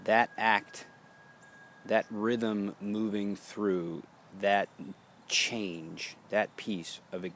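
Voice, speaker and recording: Male meditation guide: deep, gravelly voice, unhurried delivery, faint noise underneath. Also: little pitch movement, fairly bright tone. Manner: slow, measured, pausing between phrases.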